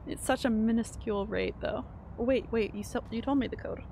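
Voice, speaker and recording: Her voice runs on the high side yet has a dark, creaky quality, and she talks a little fast. This woman is streaming a video game, giggly and chatty, answering chat by reading it aloud over slight background noise.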